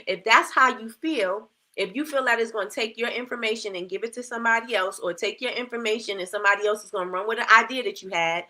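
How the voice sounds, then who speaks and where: A woman's voice: fairly high pitch, quick pace, hardly any pauses, pushed and bright. A woman hosting a casual livestream, coaching her audience in a chatty way with lots of rhetorical questions and repeated phrases, her mouth dry from a new retainer. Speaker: livestream host.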